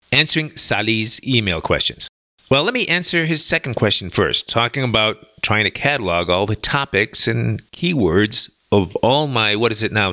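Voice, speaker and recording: A chatty man from the United States hosts his own podcast and talks through a listener's email in a casual, folksy monologue. His voice sits fairly low, with a bright, forceful edge. The sound is dry and close, with no room echo. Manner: chatty, emphatic, folksy asides. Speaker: podcast host.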